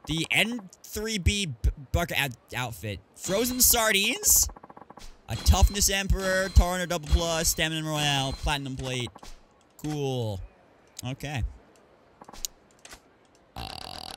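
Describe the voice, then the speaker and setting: A man's voice: a little high, very animated, takes it slowly, long pauses, a bit bright, slight background noise. A man streamer chatting casually over gameplay, reading item names aloud and joking about the game.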